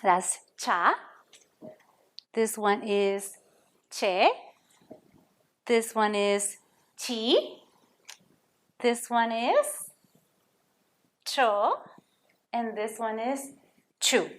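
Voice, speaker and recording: A woman's voice: fairly high pitch, very slow, long pauses, reverberant. A woman teaching a Spanish lesson to children, patiently sounding out words and repeating them for students to copy.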